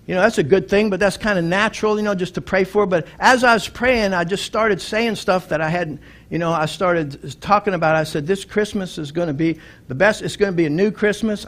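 A man preaching a sermon as pastor, telling a story and building to loud, emphatic exhortation. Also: high-pitched.

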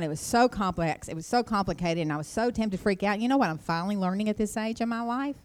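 A middle-aged woman giving an informal devotional talk, telling rambling personal stories and jumping high in pitch when she quotes herself. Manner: chatty, rambling storyteller, jumps up high when quoting herself. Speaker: Christian speaker.

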